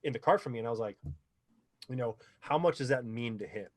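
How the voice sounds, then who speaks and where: A man's voice: mid-range voice, fast, dry recording. Rambling talkative man with a dry sound. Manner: rambling with many fillers, animated when quoting others. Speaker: podcast guest, pro paintball player. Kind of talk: casual storytelling interview.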